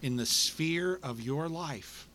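A middle-aged male pastor delivering a sermon, with rhythmic repetition and dramatic pauses. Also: on the high side, bright, forceful tone, a little hiss or hum.

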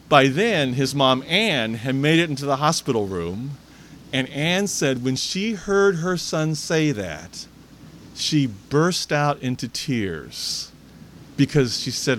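A man's voice: mid-range voice, takes it slowly, slight background noise. A male preacher telling a story in a sermon, acting out the people in it. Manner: animated storyteller, acts out characters.

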